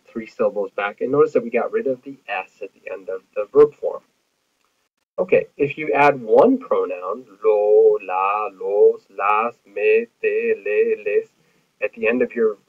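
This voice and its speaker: A man's voice: lowish voice, husky. A man teaching Spanish grammar in a recorded lecture, explaining patiently with many fillers. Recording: tinny phone-like audio.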